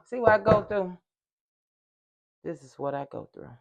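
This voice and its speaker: An older woman chatting casually to viewers while baking in her home kitchen. She hums along as she works and sometimes gets loud in the microphone. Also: mid-range voice, animated, moderate pace, lo-fi sound. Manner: loud at times, apologizes for yelling into the mic. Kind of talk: casual cooking vlog.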